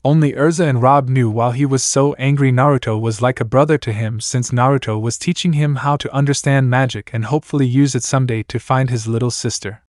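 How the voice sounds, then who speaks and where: A man reading a fan story aloud in steady narration. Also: mid-range voice, a little fast, hardly any pauses, dry recording, clean studio sound. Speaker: fanfiction reader.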